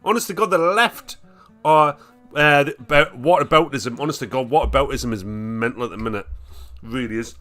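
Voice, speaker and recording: A man's voice: medium pitch, normal speed, pushed and bright, faint music behind. A man hosting a show, reacting to clips in a blunt, sweary, casual commentary, with a cold. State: has a cold.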